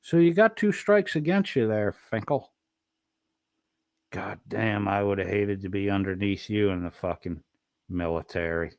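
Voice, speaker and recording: Low-voiced man hurling profane mockery. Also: expressive, a little slow, darkish tone, dry recording, studio quality. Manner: insulting, sneering, swears constantly. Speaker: streamer commenting on a clip. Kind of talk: profane mocking commentary.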